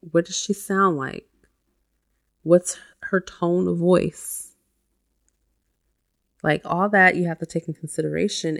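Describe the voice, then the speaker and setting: A woman hosts a casual self-help podcast in a chatty, meandering way. Her voice sits low with a gravelly edge. She is a mother who speaks to listeners like friends. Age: adult with a child. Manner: chatty, uses lots of "you know" and "like". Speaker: podcast host.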